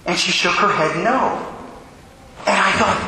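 A man's voice: sits high, animated, moderate pace, bright, forceful tone, slight background noise. A man, a Catholic priest, telling a personal story in a homily, acting out his own thoughts and the dialogue. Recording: echoey hall with long reverb.

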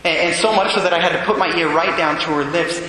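A man who is a Catholic priest, telling a story in a sermon and acting out the dialogue with animated changes in his voice. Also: on the high side, fast, slight background noise. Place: church. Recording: echoey church hall.

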